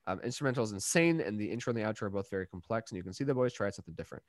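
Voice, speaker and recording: A man's voice: fairly low pitch, expressive, racing, no room sound, studio quality. A young man co-hosting a podcast in casual chat, rambling and jokey, with restarts and bursts of laughter. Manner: rambling, jokey, breaks into laughs and mock voices. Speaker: podcast co-host.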